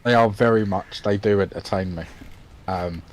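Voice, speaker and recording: A British man co-hosting a podcast in casual chat, halting and full of ums and restarts. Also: on the low side, slight background noise, low-quality recording. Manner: hesitant, lots of ums and restarts. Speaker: podcast co-host.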